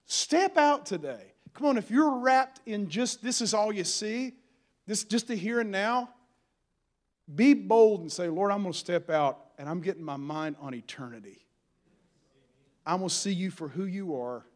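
High-pitched guy preaching, casual jokey pastor vibe that gets fired up. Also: lively intonation, moderate pace. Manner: folksy, humorous preaching with rising fervor. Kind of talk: sermon.

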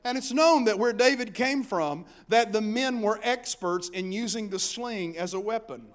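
High-voiced folksy preacher. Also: male voice, normal speed. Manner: folksy, animated preaching with shouted peaks. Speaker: pastor. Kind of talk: sermon.

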